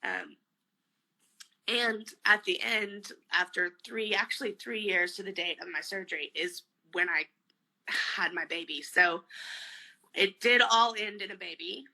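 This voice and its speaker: A woman guest on a video call, talking openly and close to tears, with many pauses and fillers. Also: mid-range voice, bright, forceful tone, low-quality recording. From family from Mexico. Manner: tearful, candid, trailing off with many fillers. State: close to crying. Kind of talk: emotional personal interview.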